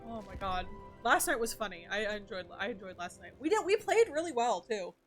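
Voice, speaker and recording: A young adult woman streaming a game, excitable, swearing freely and chatting with viewers. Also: fairly high pitch, brisk, faint music behind. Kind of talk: casual gaming livestream.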